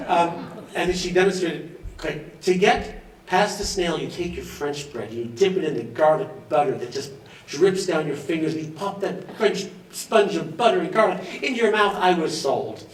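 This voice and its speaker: A man's voice: a little high, expressive, measured pace, a little hiss or hum. A man from Los Angeles giving a chatty, enthusiastic acceptance speech, laughing often. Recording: echoey hall, voice from far off.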